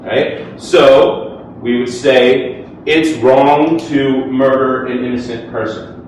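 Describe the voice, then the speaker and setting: A man's voice: medium pitch, steady tone, takes it slowly, darkish tone, slight background noise. A man arguing his side in a formal debate, speaking earnestly and conversationally with frequent fillers, before an audience in a hall. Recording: echoey hall, distant mic.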